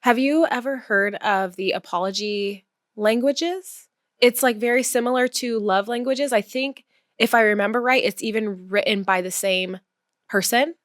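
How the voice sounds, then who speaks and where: A woman's voice: on the high side, normal speed, no echo, studio quality. A woman hosting a podcast, chatting casually and encouraging her guest. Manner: encouraging, affirming listener. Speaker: podcast host. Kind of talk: casual interview chat.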